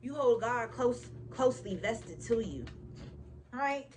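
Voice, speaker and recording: A woman's voice: on the high side, animated, slow, a little mellow. A woman giving a casual tarot reading to her viewers, swearing freely, laughing often and repeating phrases for emphasis. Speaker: tarot reader.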